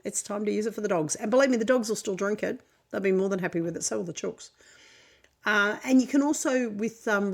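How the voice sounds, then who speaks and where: A woman's voice: mid-range voice, vocal fry. A woman with an Australian accent hosting a podcast, talking in a chatty, frank and opinionated way with plenty of fillers and self-corrections. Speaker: podcast host and homesteader. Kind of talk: casual unscripted monologue.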